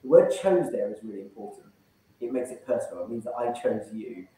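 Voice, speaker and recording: A man's voice: lowish voice, lively intonation, a little fast, mellow, far from the mic. A man running an online sales training session, coaching and acting out phone call openers. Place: room, online event. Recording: very echoey room.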